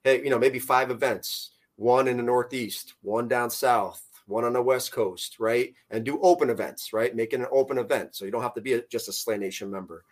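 A man's voice: mid-range voice, fairly quick, few pauses. A man who founded a fishing tournament trail, chatting casually on a podcast in a rambling way. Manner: rambling, many fillers and restarts.

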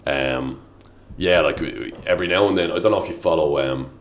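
A man with an Irish accent and a very deep voice chats casually as a podcast guest. He tells stories with lots of energy and acts out what people said. He talks in a loose, conversational way. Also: fairly quick. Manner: animated storyteller, acts out quotes loudly.

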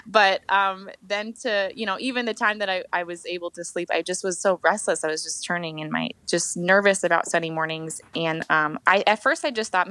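A woman in her thirties, a worship leader, telling her faith story on a podcast guest spot in a lively, expressive way, acting out what she once said. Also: fairly low pitch, fairly quick, hardly any pauses, no room sound. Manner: animated storytelling, acts out her own past words. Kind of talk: candid personal testimony.

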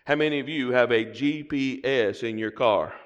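A man's voice: mid-range voice, normal speed, muffled recording. A middle-aged man with a Southern drawl delivers a sermon from the pulpit. His voice carries a long church reverb, and he keeps prompting the congregation to repeat after him. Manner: call-and-response preaching, prompting the congregation. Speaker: pastor. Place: church sanctuary.

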